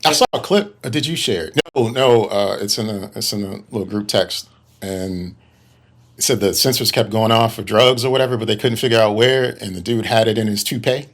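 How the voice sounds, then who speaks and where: A man's voice: lowish voice, brisk. A young man co-hosting a casual podcast, laid-back and joking as he chimes in. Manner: laid-back, playful interjections and jokes. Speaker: podcast co-host.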